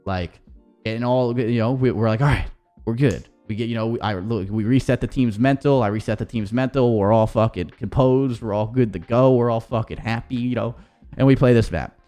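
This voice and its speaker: A man's voice: mid-range voice, a little fast, dark tone, soft background music. A man, an esports coach, casually reviewing gameplay footage in a rambling, profane way with many restarts.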